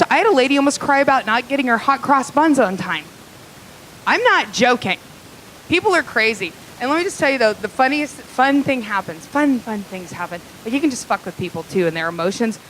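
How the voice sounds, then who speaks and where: A woman's voice: a little high, fairly bright tone, a little hiss or hum, low-quality recording. A woman performing a live stand-up set in a comedy club, with a profane, crude, conversational delivery.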